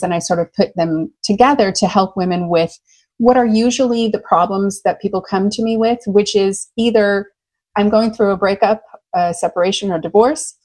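A middle-aged American woman, a love coach, talking enthusiastically in an interview and telling lively stories with easy laughter. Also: medium pitch. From United States. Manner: enthusiastic, animated, laughs easily. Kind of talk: conversational interview storytelling.

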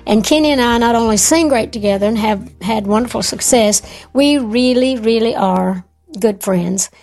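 Older lady chatting folksy and self-mocking, kinda high voice. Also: moderate pace, darkish tone. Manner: folksy, self-deprecating, chuckling. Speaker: interview guest. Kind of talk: candid conversational interview.

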